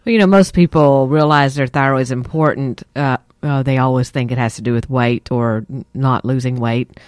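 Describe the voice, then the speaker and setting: A man's voice: medium pitch, steady tone, normal speed, smooth, dry recording, studio quality. A man on a podcast speaking casually and hesitantly, with fillers and repeated words.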